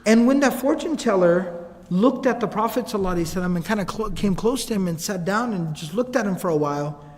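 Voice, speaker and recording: A man telling a religious story in a lecture, in a casual, animated way, acting out the quotes. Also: high-pitched, quick pace, long reverb tail. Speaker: Islamic lecturer.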